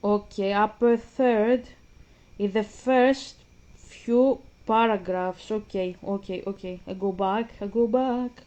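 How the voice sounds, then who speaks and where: A woman's voice: mid-range voice, steady tone, takes it slowly, mellow. A woman vlogging in a casual way, reading passages aloud, then breaking off to question and argue, hesitant and searching. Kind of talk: casual vlog commentary.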